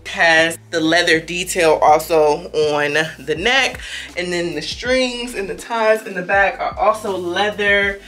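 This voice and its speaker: A young woman in her twenties doing a lingerie try-on haul, talking in animated slang, repeating herself and breaking into sudden high exclamations. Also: slow pace, far from the mic, soft background music. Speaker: fashion vlogger.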